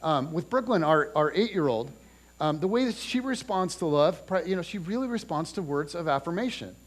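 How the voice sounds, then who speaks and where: A man's voice: a little high, brisk. Conversational man preaching a sermon. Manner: conversational, animated storytelling with restarts. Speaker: pastor. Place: church auditorium.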